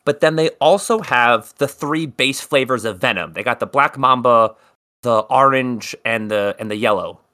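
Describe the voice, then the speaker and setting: A man's voice: mid-range voice, moderate pace, pushed and bright. A man from South Jersey co-hosting a podcast, telling a long rambling story in casual chat and swearing freely. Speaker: podcast co-host.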